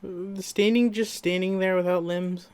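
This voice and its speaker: Smooth, dry voice in casual chat. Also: mid-range voice, steady tone, unhurried, a little mellow, dry recording. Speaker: podcast co-host.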